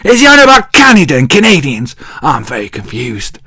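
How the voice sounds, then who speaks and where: A man's voice: on the high side, wildly swooping pitch, a little fast, sharp tone, slightly rough, no echo, clean studio sound. An English man hosting a wrestling show, recapping in a cheeky, rambling way and often losing his place as he thinks aloud. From England.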